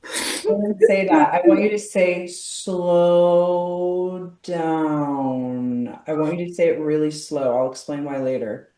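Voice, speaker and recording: A woman tapping coach, calmly directing and leading a guided visualization. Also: low-pitched, normal speed. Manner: calm, directive, guiding visualization. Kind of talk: guided healing session. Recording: roomy echo, distant from mic.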